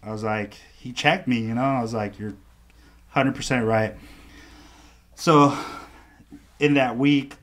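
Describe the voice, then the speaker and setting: A man, an artist guesting on a podcast, speaks at a medium pitch, a little slowly, with long pauses. He's an animated storyteller, casually recounting events and acting out the other people's quoted lines.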